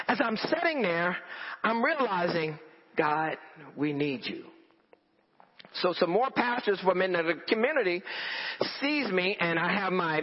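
A man preaching a storytelling sermon to a congregation, animated and repeating phrases for emphasis. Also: high voice, slightly rough. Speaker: pastor. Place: church in front of a congregation. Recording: dull lo-fi audio with long hall reverb.

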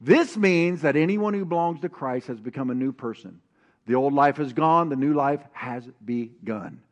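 A man preaching a sermon as pastor, telling a personal story and reading scripture, animated and calling on the congregation to answer back. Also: medium pitch, moderate pace, lo-fi sound. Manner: animated, calls for congregation responses.

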